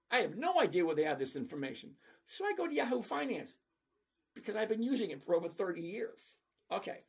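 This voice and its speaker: A middle-aged man with a high, gravelly voice walks through stock charts in a blunt, sarcastic way. He talks straight to his viewers by name. His tone is casual and unfiltered. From lives in Florida. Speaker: trading channel host. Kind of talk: casual stock commentary over a screen share.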